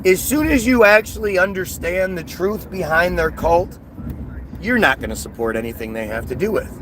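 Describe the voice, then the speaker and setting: High, bright-voiced man ranting scornfully. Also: animated, moderate pace, a little hiss or hum, poor audio. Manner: agitated, scornful, repetitive ranting. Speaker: livestreamer reacting to chat. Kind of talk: heated live-stream rant.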